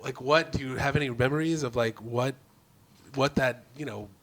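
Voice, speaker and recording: Man, host, mid-range pitch, hesitant filler-heavy questioner. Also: moderate pace, fairly bright tone. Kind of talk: casual interview.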